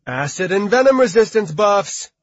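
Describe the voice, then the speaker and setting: A man doing a brisk woman calling orders. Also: high voice, lively intonation, no echo, lo-fi sound, voice pushed up. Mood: commanding. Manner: crisp shouted orders. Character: brisk female support leader calling orders.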